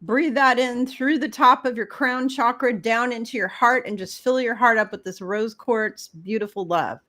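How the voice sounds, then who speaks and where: A middle-aged woman, appearing as a spiritual guest, gives casual spiritual advice in an emphatic, preachy way, addressing the listener directly. Her voice is on the high side and sharp, at a normal speed.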